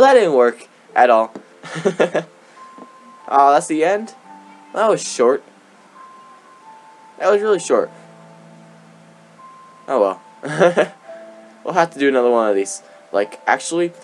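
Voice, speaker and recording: A young man giving casual, rambling gameplay commentary, giggling often and tossing in sarcastic asides. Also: mid-range voice. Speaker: let's play gamer.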